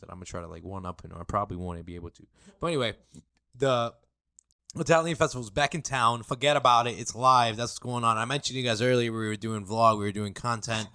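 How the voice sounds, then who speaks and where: A man's voice: fairly low pitch, sharp tone, clean tone, no echo, studio quality. A man hosting a podcast in a laid-back, rambling way. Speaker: podcast host. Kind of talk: casual podcast chat.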